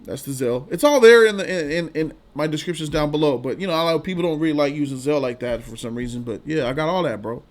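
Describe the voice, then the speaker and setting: A man's voice: on the high side, fast talker, hardly any pauses. A man hosting a live stream, chatting casually with viewers in loose slang and laughing often. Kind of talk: casual live-stream chat reading donations.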